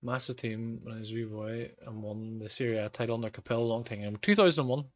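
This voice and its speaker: A man's voice: on the low side, completely flat delivery, fast, darkish tone, lo-fi sound. Northern Irish man streaming a football game. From Northern Ireland. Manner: rambling, frequent ums, reacts to match events. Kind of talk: live gameplay commentary with chat.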